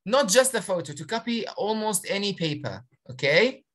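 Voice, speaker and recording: A woman's voice: mid-range voice, sing-song, normal speed. A woman teaching an online spelling lesson on a video call, encouraging her pupils and sounding out syllables.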